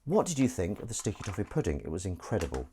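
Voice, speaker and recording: A man's voice: low-pitched, huge pitch swings, fast talker, noisy background. Rambling man chatting while washing up. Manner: rambling, self-deprecating, chatty. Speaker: live streamer and actor. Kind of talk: casual live-stream chat to viewers. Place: home kitchen, washing up while talking. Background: faint running water and dish clatter.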